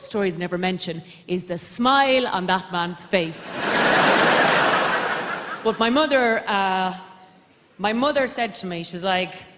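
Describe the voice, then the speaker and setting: A young Irish woman performing stand-up comedy on a theatre stage, rambling in a deadpan, self-deprecating way. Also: fairly low pitch, unhurried, long pauses, slight background noise. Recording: reverberant live theatre recording. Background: audience laughter.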